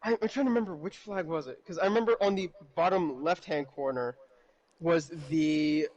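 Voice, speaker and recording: Man with a high voice, casual and animated chat, laughs a lot. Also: moderate pace, muffled recording. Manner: animated storytelling with frequent laughs.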